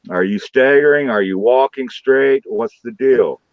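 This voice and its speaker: A man's voice: medium pitch, unhurried, dry recording, phone-quality sound. A man hosting a live stream, trading rowdy, crude jokes with his chat in a loose, casual way. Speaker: livestream host.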